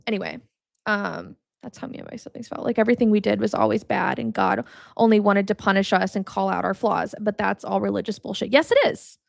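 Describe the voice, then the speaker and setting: A woman's voice: mid-range voice, expressive, fairly quick, creaky, no room sound, studio quality. A young adult woman hosting a podcast, teaching about faith in a blunt, casual way, cussing freely and ranting with animation. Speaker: podcast host.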